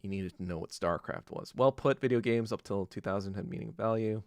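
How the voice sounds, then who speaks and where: A man's voice: fairly quick, vocal fry, no room sound. Profane ranting man, dry close mic. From Korea. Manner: profane, swings from low mutter to loud bursts. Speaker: podcast host. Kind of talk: casual ranting monologue.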